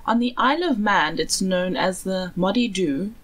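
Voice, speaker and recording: A woman's voice: mid-range voice, animated, normal speed, fairly bright tone, slightly rough, poor audio. A young woman from South Africa co-hosting a podcast in casual chat, giggly and self-deprecating. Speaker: podcast co-host.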